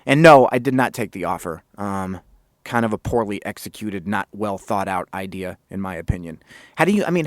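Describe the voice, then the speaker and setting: A man hosting his own podcast, telling a story in a casual, animated way and swearing freely. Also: on the low side, no room sound, clean studio sound. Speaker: podcast host.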